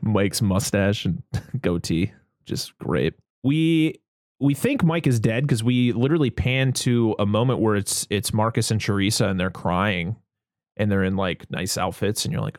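A man's voice: mid-range voice, lively intonation, a little slow, a little mellow, dry recording, clean studio sound. Laid-back man recapping a movie. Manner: laid-back, laughs often, acts out characters' lines. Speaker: podcast host recapping a film. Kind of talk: casual chat.

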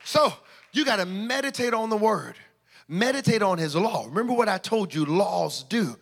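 A male pastor preaching a sermon, shouting in sing-song bursts and then dropping to quiet asides. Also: high-pitched, expressive, moderate pace, creaky.

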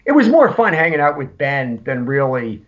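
A man, a punk musician guest, telling rambling, animated stories in casual chat. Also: mid-range voice, normal speed. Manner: rambling, animated anecdotes with acted-out quotes. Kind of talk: casual storytelling. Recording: lo-fi podcast audio.

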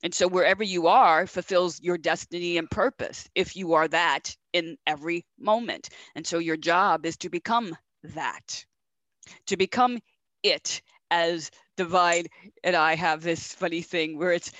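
A woman's voice: fairly low pitch, a little slow, a bit bright, dry recording. Woman spiritual teacher, rhythmic repeater, dry close sound. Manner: rhythmic, repeats words, laughs often.

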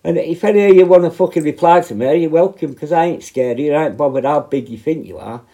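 A man's voice: on the high side, fast talker, warm tone. A middle-aged man, a former prison officer, ranting bluntly and confrontationally straight to camera, full of swearing. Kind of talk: angry direct-to-camera rant.

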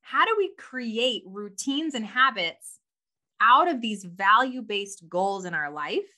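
A woman co-hosting a casual podcast chat, animated and laughing often, with many "like" fillers. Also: on the high side, takes it slowly. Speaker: podcast co-host.

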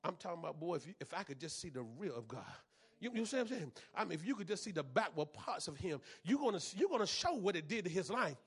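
A man preaching a sermon as pastor, repeating phrases and punctuating them with amens, swinging between hushed passages and loud ones. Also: high-pitched, sing-song, quick pace, breathy edge.

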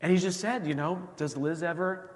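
A male pastor preaching a sermon, telling a story and acting out the dialogue with lively energy. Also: fairly high pitch, normal speed. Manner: animated storytelling, acts out dialogue. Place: church sanctuary. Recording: church hall reverb.

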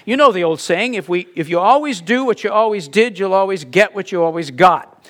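A man's voice: high voice, expressive, a little fast, a bit bright. A middle-aged man preaching a sermon in a conversational manner, telling anecdotes and chuckling at his own stories. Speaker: pastor.

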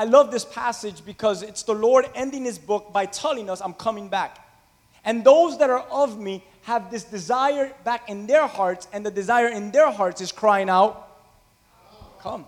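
A man preaches with a high, bright-edged voice, moving between loud, yearning calls and hushed, close asides. His words ring out through a church sanctuary with a long reverb trailing behind. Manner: impassioned, swings from loud to quiet. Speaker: pastor. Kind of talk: sermon. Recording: reverberant hall.

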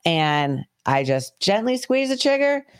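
Lively swearing woman telling stories. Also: mid-range voice, a little slow, smooth. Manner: animated, swears freely. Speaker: podcast co-host. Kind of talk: casual storytelling.

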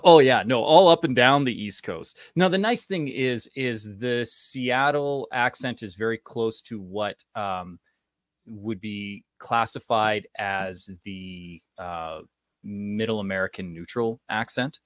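A man's voice: on the low side, takes it slowly, no room sound, clean studio sound. A Canadian man, an actor, chatting casually in an interview with a rambling manner and many fillers. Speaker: actor guest.

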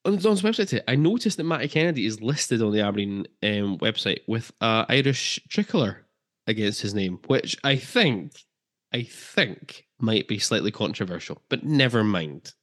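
A man co-hosts a football podcast in a loose, joking way. His voice sits a little low, and he fills the gaps with ums as he runs through the segments. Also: expressive, moderate pace, fairly bright tone. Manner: chatty, jokey, with filler ums. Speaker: podcast co-host. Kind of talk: casual football podcast chat.

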